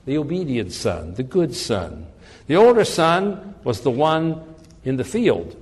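A man's voice: medium pitch, big pitch swings, measured pace, in a large hall. A man preaching a sermon in an earnest way, often repeating words as he searches for the phrasing.

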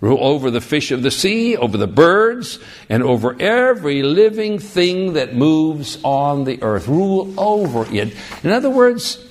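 A male preacher delivering a sermon with lively swings in pitch and a slightly high voice. He drives his points home with rhetorical questions and emphatic repetition. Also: unhurried.

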